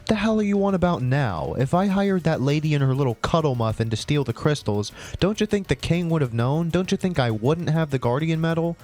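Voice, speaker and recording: A man giving a comedic reading of his own old story, voicing every character in turn and breaking off with sarcastic, cringing asides. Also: fairly high pitch. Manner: sarcastic, cringing outbursts between flat reading. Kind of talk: comedic dramatic reading with commentary.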